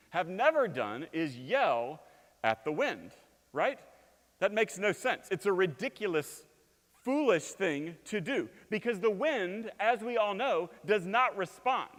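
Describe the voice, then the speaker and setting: A man in his thirties preaching a sermon in a church, telling stories with lively swings from loud bursts to hushed lines. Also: high voice. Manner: animated storytelling, shouting quoted lines, dropping to quiet. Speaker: pastor. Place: church sanctuary. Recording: long hall reverb.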